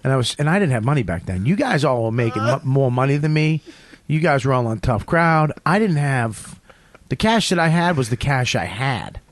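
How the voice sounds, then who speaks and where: A man hosting a podcast, telling a profane, animated, self-deprecating story in casual chat. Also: medium pitch, moderate pace. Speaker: podcast host.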